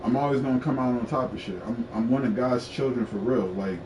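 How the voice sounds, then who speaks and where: A man's voice: medium pitch, brisk, background noise. A man telling his story in a frank, profane casual rant, repeating himself for emphasis. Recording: echoey room, mic at a distance, faint ambience.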